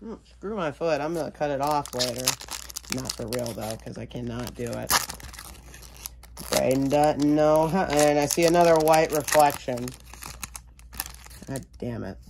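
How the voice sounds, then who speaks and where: Slow, rambling man opening card packs. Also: medium pitch, vocal fry, noisy background. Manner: rambling, jokey self-talk, refers to himself in third person. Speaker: card-opening video host. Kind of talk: casual narration while opening card packs.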